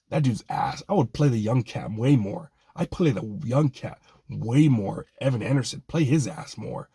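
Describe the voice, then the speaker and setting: A man's voice: lowish voice, moderate pace, dark tone, breathy edge, no room sound. A young man angrily ranting about his football team, swearing and exasperated, repeatedly apologizing for getting worked up. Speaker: fan channel host. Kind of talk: angry sports rant.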